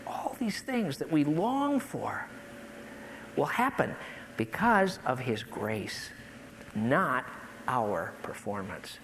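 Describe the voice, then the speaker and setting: A man preaching a sermon, building to impassioned peaks and then dropping low and soft. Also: wildly swooping pitch, slow pace, a little hiss or hum, rough recording. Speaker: pastor.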